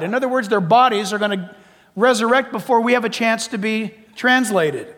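A male pastor preaching a sermon in a church, animated and joking, with emphatic delivery. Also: sits high, a little slow. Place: church sanctuary. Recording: long reverb of a large hall.

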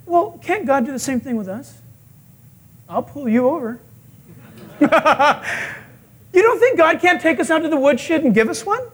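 A male pastor preaching a sermon, telling stories with animated acted-out quotes and chuckles. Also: very high voice, normal speed.

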